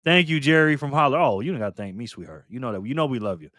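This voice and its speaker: A man's voice: mid-range voice, animated, very fast, a bit bright, dry recording, studio quality. A man hosting a casual live stream, greeting chat members by name and teasing them in a playful way.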